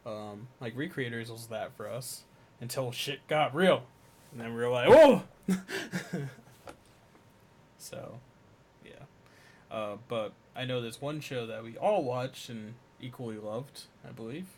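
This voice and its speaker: Male podcast co-host, casual, animated with loud outbursts. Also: unhurried. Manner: animated, swings from low mumbles to loud exclamations. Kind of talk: casual chat.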